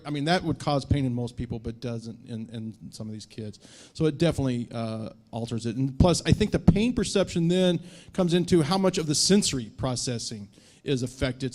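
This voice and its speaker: A man's voice: a little high, a little mellow. A man, a doctor on a conference panel, explaining things plainly and offering practical advice to families.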